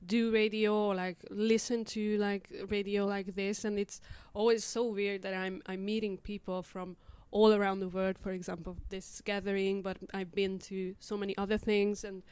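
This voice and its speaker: Woman, twenties, from Hungary, smooth voice, casual chat, hesitant, lots of fillers. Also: mid-range voice, flat delivery, moderate pace, few pauses, darkish tone, dry recording. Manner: chatty and hesitant, many fillers. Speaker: community radio member. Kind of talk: casual conversation.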